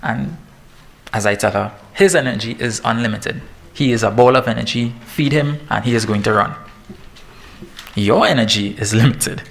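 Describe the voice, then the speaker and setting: A man in his thirties, a fitness trainer giving a lively, joking talk to parents. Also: mid-range voice, moderate pace, gravelly. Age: 30s. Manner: lively and joking, laughs at himself. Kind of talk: presentation to parents.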